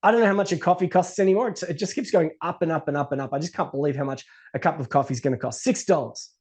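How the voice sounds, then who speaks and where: Animated man teaching business. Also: on the high side, rapid-fire, husky. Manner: animated storytelling, acts out quoted people. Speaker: business educator. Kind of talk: casual teaching to camera.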